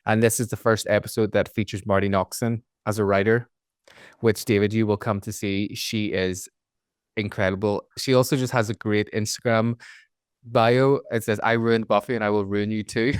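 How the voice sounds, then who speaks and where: Belfast guy hosting a podcast, low-ish smooth voice, rambles with lots of likes. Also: steady tone, normal speed, dry recording, studio quality. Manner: chatty, rambling, full of likes and asides. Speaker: podcast host. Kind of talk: casual podcast chat.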